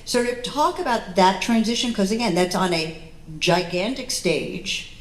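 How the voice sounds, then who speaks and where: A woman moderating on stage, praising her guest and winding through long questions. Her voice sits at a middle pitch and carries a roomy echo. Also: animated, unhurried. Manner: effusive, rambling long questions. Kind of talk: interview questions. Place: festival panel stage.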